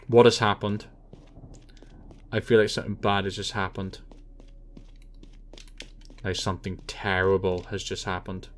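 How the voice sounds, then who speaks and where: A man playing a video game, reading its lines aloud and talking to himself with sudden loud outbursts. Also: low-pitched, steady tone, unhurried, pauses often, slight background noise. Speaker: gaming YouTuber. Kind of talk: let's play commentary, reading dialogue aloud.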